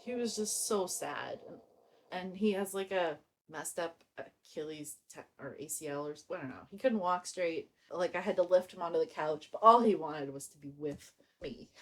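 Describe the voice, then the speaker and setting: A woman co-hosting a podcast, chatting casually with quick reactions and frequent laughter. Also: lowish voice, a bit bright. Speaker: podcast co-host. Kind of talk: casual chat.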